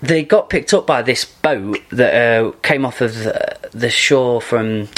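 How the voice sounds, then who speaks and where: A man's voice: medium pitch, measured pace, a bit bright. A man in casual podcast chat, an enthusiastic and rambling storyteller who laughs often.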